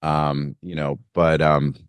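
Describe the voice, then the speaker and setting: A man's voice: very deep voice, little pitch movement, slow pace, smooth, no room sound. A man hosting a casual panel discussion, rambling with many fillers and retelling stories with energy.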